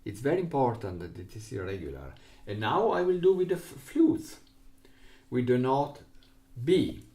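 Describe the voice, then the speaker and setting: A man's voice: medium pitch, very animated, normal speed, dark tone. Man chanting rhythms. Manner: chants rhythm syllables, explains in slightly non-native English. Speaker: recorder teacher. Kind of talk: music lesson, counting rhythms aloud.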